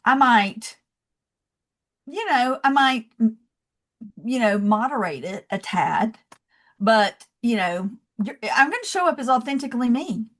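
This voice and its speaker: A woman with a Southern US accent, a podcast guest who talks in a lively way and acts out little scenes in voices. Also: a little high, measured pace, pauses often. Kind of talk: conversational interview.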